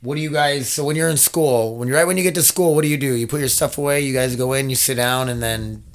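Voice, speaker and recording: Brief: thirties male podcast host, loose rambling delivery, mid-pitched, casual home-mic sound. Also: fast. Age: 30s. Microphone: desk mic.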